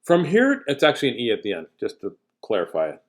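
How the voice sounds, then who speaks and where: A man's voice: mid-range voice, fast talker. A man reading a bedtime picture book aloud, breaking off for playful, jokey asides to his listeners. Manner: jokey, animated, chatting to listeners. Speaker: storyteller reading a bedtime story.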